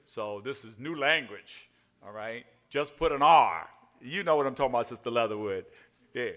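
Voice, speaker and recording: A man's voice: medium pitch, lively intonation, moderate pace, a bit bright. An older man preaching an evening sermon in a folksy way, spelling words out and asking "all right?" again and again. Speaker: pastor.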